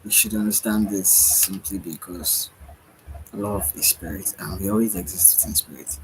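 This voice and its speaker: Through a rough recording with a little hiss or hum comes a man's low voice. Tired, he delivers a slow, musing spiritual monologue late at night, sighing and yawning along the way.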